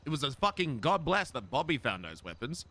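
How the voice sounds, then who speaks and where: A man's voice: medium pitch, very animated, fairly quick, a bit bright. A man speaking in character in a gang roleplay, exasperated and defensive, swearing and stammering when worked up.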